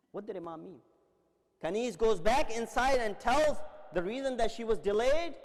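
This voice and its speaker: Male preacher, high voice with wide swings, dramatic storyteller, big reverberant hall. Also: lively intonation, moderate pace. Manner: dramatic storytelling, acting out quoted dialogue. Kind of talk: religious lecture. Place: large Islamic center hall. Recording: long reverb in a large hall.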